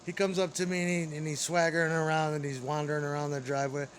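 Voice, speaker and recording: A man's voice: a little high, level tone, fast, slight background noise. A man delivering an angry, rambling, profane monologue straight to camera.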